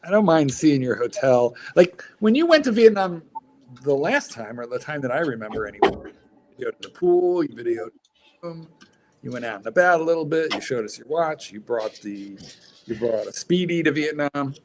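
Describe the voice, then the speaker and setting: A man's voice: fairly high pitch, very animated, normal speed, a little hiss or hum. A man chatting and teasing on a livestream call. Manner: teasing, joking. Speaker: livestream regular. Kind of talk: casual chat.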